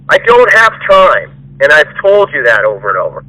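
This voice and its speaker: A man's voice: fairly high pitch, wildly swooping pitch, normal speed, sharp tone, no echo. A man on a recorded phone call, lecturing the person who works for him in an angry, profane rant. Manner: profane, ranting, mocks the listener in whiny voices. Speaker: employer.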